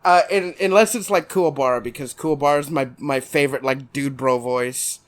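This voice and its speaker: A woman's voice: rumbling low, a little fast. A woman co-hosting a podcast in playful, casual chat, laughing often and swearing freely. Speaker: podcast co-host.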